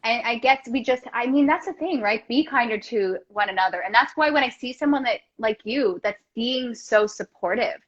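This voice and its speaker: Earnest woman guest, slightly higher voice, muffled. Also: normal speed, hardly any pauses, a bit bright. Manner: earnest, reflective, says "right?" often. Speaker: actor guest. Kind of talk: casual video chat. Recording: dull, lo-fi sound.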